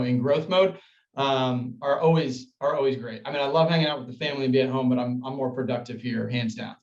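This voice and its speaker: A man's voice: mid-range voice, darkish tone, roomy sound, dull audio. A man who co-owns a business, answering interview questions in a rambling, casual way, full of fillers. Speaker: coworking space co-owner.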